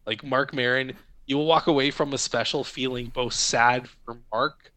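Relaxed man chatting, dry sound. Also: medium pitch, moderate pace, no room sound, rough recording. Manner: relaxed, rambling, many fillers. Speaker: podcast co-host. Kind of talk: casual chat.

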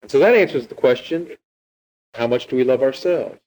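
A man's voice: medium pitch, expressive, fairly quick, a little mellow, rough recording. A man preaching as a pastor, retelling a scripture story and teaching with frequent rhetorical questions. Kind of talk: sermon.

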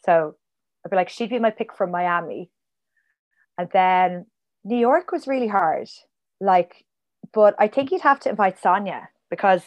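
A woman's voice: medium pitch, animated, unhurried, long pauses, a little mellow. A woman guest on a casual podcast, chatty and rambling, full of "like" and side tangents.

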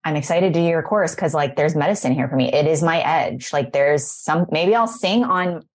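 A woman in her thirties with a low voice talks as a podcast host. Her chat is effusive and rambling and often emotional. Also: animated, moderate pace. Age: 30s. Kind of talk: casual spiritual chat.

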